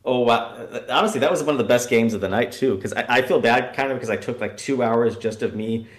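Man, podcast guest, casual chat, animated storytelling, middle pitch, roomy echo. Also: brisk. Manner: animated storyteller acting out scenes. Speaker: guest player.

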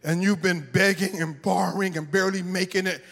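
High voiced pastor man chanting his sermon, live in a big echoey church, faint music under it. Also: fairly even intonation, brisk, creaky. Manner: chanting, sing-song preaching that rises to shouts. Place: church sanctuary.

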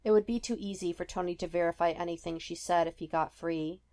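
A woman reading a story aloud in an even, measured narration. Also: fairly low pitch. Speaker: podfic reader.

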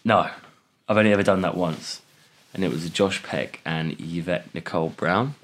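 Young male podcast co-host, lowish voice, casual, acts out other people in stories. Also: normal speed. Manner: animated storytelling, acts out other voices, laughs often. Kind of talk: casual chat.

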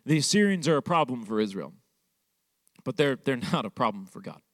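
A man's voice: mid-range voice, sing-song, brisk, fairly bright tone, no echo. A young man preaching a sermon, telling a personal story in a loose, conversational way, full of "like". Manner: conversational, fillers like "like". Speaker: pastor.

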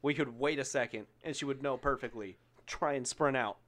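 A man chats casually on a podcast, telling animated stories laced with swearing and bursts of laughter. His voice is medium-pitched and a little fast.

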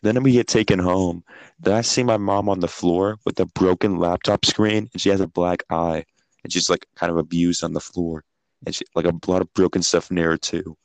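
A man's voice: deep voice, steady tone, moderate pace, no room sound. A young man in casual chat, laid-back and slangy.

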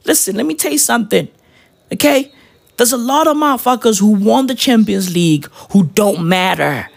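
A man's voice: high voice, lively intonation, normal speed, vocal fry. A man ranting about his football club in a casual, slangy style, swearing and tagging his lines with "right?" and "bruv". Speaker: football fan vlogger.

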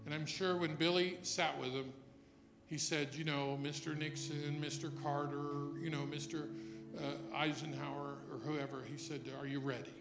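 A man preaching a sermon as pastor, moving between quiet reflection and loud emphatic passages. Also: a little high, level tone, moderate pace, echoey room, over music.

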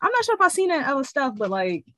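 Lively woman chatting, swooping pitch. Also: racing, dry recording. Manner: agreeable, lively, laughs often. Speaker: co-host. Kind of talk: casual chat.

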